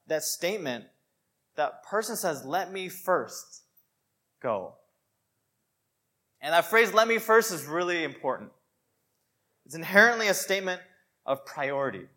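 A man preaching a sermon in a conversational, animated way, full of "you know" and "like". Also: a little high.

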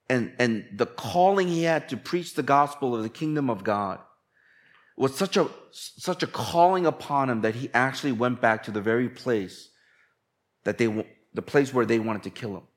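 A man preaching a sermon in a conversational, relatable way, often acting out quoted lines. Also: mid-range voice. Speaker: pastor.

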